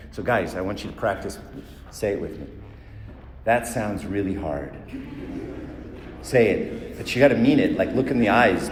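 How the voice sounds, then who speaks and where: Guy giving a chatty heated talk to couples, lots of "right?", faint room noise in a big echoey hall. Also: on the low side. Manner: conversational, keeps asking "right?"; gets heated and emphatic. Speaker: speaker teaching couples. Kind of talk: live talk to an audience.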